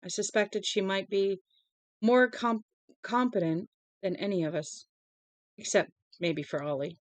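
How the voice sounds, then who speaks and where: A woman's voice: medium pitch, steady tone, dry recording. Woman reading a novel aloud, dry sound. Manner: plain, unhurried reading with small slips. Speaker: audiobook reader.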